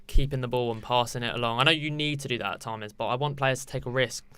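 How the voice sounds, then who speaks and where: A quick-talking English host with a smooth, clear voice runs a casual football chat and gives blunt opinions. The sound is close and dry. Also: male voice, medium pitch, a bit bright, no room sound. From England. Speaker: podcast host.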